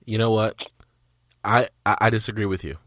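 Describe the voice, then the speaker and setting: A man's voice: lowish voice, steady tone, a little fast, fairly bright tone, dry recording, clean studio sound. Playful man co-hosting a sports podcast. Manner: playful, argues with mock-dramatic quoted voices. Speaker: podcast co-host. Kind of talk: casual sports talk.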